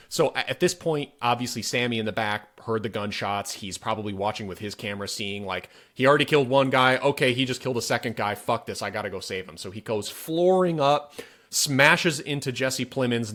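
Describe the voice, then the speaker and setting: A man's voice: mid-range voice, sharp tone. A man co-hosting a podcast, casually recapping a movie scene with blunt, profane emphasis. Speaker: podcast co-host. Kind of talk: casual film review chat.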